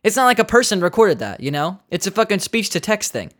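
Profane, exasperated comedian with swinging pitch. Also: very animated, fast talker, a bit bright. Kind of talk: comedic rant.

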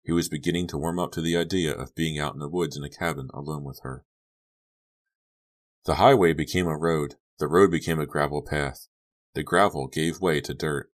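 Male audiobook narrator, very deep voice, measured and suspenseful. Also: steady tone. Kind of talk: scripted horror audiobook narration.

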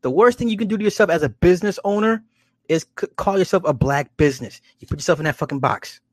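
A man hosting a casual commentary, animated and profane, often laughing at his own stories. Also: high-pitched, fast talker, no echo, clean studio sound.

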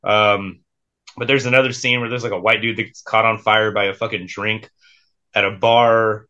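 A man's voice: on the low side, little pitch movement, moderate pace, sharp tone, lo-fi sound. A young man co-hosting a casual podcast, laid-back, swearing freely and laughing often. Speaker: podcast co-host.

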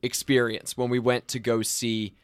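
Young guy hosting a chat, eager, keeps restarting his sentences, ordinary pitch, dry mic. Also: level tone, normal speed, clear, resonant tone, no room sound. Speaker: host. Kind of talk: casual chat.

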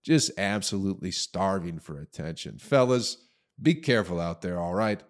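A man with a somewhat low voice rants profanely as a show host. His talk is crude, mocking and full of scorn. He keeps a casual comedic-rant style throughout. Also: normal speed. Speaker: podcast host.

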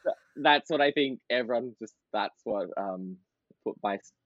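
A man, chatting as a podcast guest, full of fillers and quick laughs. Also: mid-range voice, no room sound, dull audio. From Australia. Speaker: podcast guest, drag performer. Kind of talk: casual interview chat.

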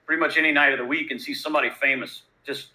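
Guest: New bartender man, slightly high, very bright tone, profane raconteur. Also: very fast, rough recording. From Louisiana. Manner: profane, animated, laid-back. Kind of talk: casual storytelling.

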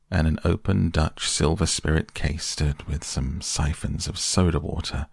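Bedtime audiobook narrator, male, very deep and gravelly, soft and unhurried. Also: no room sound, studio quality. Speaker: podcast narrator.

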